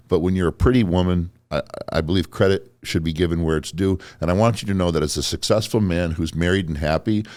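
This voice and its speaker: Deep-voiced blunt male podcast host. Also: darkish tone, no room sound. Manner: blunt, swears freely. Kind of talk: casual interview storytelling.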